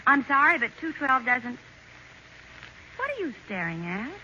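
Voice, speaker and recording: A woman playing a brisk, tart hotel switchboard operator in a 1940s radio comedy. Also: high voice, very animated, pushed and bright, exaggerated voice. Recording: muffled hissy 1940s radio broadcast.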